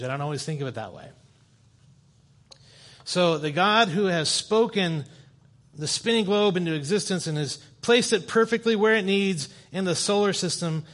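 A man's voice: high voice, a bit bright. A man preaching a sermon to a church congregation, in a conversational, storytelling way with self-deprecating humor. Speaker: guest preacher. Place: church sanctuary.

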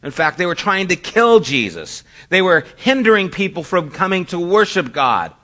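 A middle-aged male pastor preaches a sermon in a conversational, storytelling way, often poking fun at himself. His voice is high-pitched and sing-song, pushed and bright, at a normal speed.

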